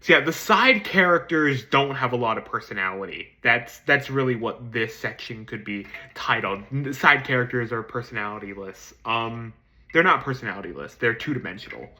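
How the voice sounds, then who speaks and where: A man giving a casual spoken film review, hesitant with many ums and restarts, swearing casually and jumping into excited emphasis. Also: moderate pace. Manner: jumps to excited high-pitched emphasis.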